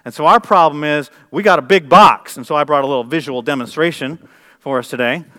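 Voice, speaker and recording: A man preaching a sermon in a church, shifting between loud, emphatic stretches and quiet, intense ones. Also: on the high side, fairly quick. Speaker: pastor.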